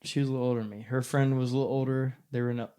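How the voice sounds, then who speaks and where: A man with a mid-pitched, everyday voice spins long, meandering stories on a casual podcast. He wanders off on tangents and slips in dry jokes as he goes. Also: fairly even intonation, rapid-fire, warm tone, clean tone. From born in St. Louis, raised in western Oklahoma. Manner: rambling, jokey storyteller. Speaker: podcast co-host.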